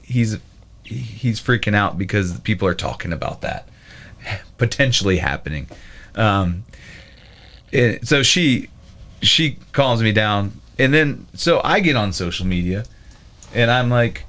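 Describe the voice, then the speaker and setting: Man, podcast guest, low voice, halting storyteller, casual talk. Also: lively intonation, fairly bright tone. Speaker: guest, brewery owner.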